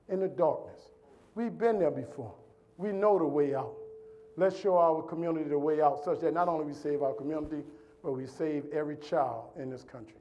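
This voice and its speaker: A man's voice: fairly high pitch, lo-fi sound. A man, giving a rhythmic, preacherly motivational speech on a convention stage. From New Orleans, US. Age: 40s. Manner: preacherly, rhythmic lists, voice swings from loud to hushed. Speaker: keynote speaker.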